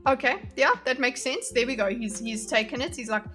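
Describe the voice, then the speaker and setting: A woman's voice: on the high side, fairly quick, sharp tone, faint music behind. A woman streamer giving casual commentary on a debate clip, thinking aloud with many fillers and restarts and replying to her live chat. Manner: reads and answers live chat.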